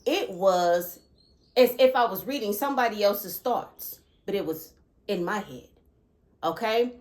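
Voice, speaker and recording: A woman's voice: medium pitch, a little slow. A woman hosting her own channel, talking earnestly about spiritual experiences and often checking in with listeners by asking "okay?". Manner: animated and emphatic when recounting disturbing thoughts. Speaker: channel host. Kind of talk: earnest spiritual vlog talk.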